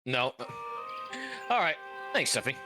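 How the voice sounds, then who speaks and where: A man's voice: mid-range voice, sing-song, slow pace, over music. A man casually commenting while streaming a game, chatty and laid-back.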